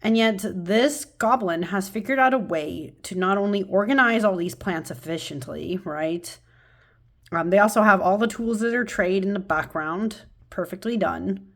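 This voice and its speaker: A woman's voice: mid-range voice, moderate pace. A woman hosting a tarot channel, talking casually and enthusiastically with lots of fillers and restarts while showing cards at home.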